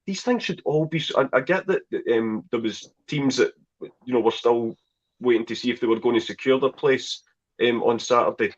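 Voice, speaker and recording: A man's voice: medium pitch, normal speed. A man co-hosting a football podcast, sounding exasperated and dismissive. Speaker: podcast co-host. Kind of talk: casual football podcast chat. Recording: dull lo-fi podcast audio.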